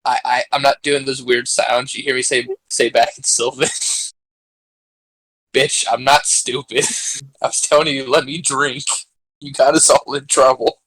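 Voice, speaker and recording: A man's voice: medium pitch, level tone, a little slow, pauses often, fairly bright tone, slightly rough, no echo, poor audio. A man playing a tabletop game, joking and argumentative in casual table talk. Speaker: player.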